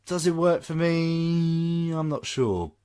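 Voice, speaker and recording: A man's voice: on the high side, slow pace, clear, resonant tone, no room sound. A man co-hosting a film podcast, chatting casually and reading out a scripted review, with plenty of ums. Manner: animated, with lots of ums and laughs.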